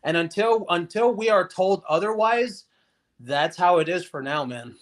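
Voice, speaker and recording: A man with a high voice speaks as a guest on a live stream. He rambles along in a casual, chatty way. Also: lively intonation, unhurried. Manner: conversational, rambling.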